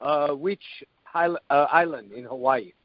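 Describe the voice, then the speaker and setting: A man hosting a podcast, explaining ideas in a deliberate, measured teaching style with the occasional swear word. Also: on the high side, no echo, dull audio. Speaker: podcast host and coach.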